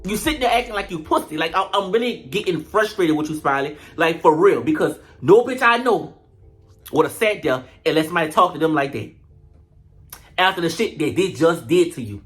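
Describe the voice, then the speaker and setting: Foul-mouthed reviewer ranting about a reality show episode, lively and dramatic, faint music underneath. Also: medium pitch, fairly quick. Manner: animated, profane, dramatic retelling. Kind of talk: casual commentary vlog.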